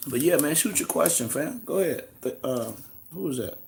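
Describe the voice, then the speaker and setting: A man's voice: a little high, animated, normal speed, vocal fry. Laid-back American man hosting a live chat. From United States. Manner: loose and conversational, greets chatters by name, slangy asides. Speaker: livestream host answering viewer questions. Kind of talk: casual live-stream chat and teaching.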